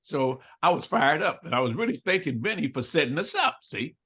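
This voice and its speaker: A man's voice: a little high, big pitch swings, fairly quick, fairly bright tone, breathy edge. An older man telling a story in an interview, acting out both sides of the dialogue and laughing often. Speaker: interview guest.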